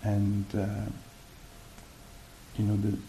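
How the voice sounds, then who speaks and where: A man giving a meditation talk and answering questions, speaking haltingly with many fillers and restarts. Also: fairly low pitch, monotone, mellow. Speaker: meditation teacher. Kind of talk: dharma talk and Q&A. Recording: echoey room with faint hiss.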